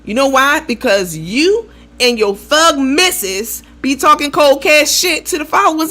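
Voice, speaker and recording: A woman with a somewhat high voice tells gossip in a lively, profane way, acting out the people she quotes. She talks casually as the host of her own show. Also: a little slow.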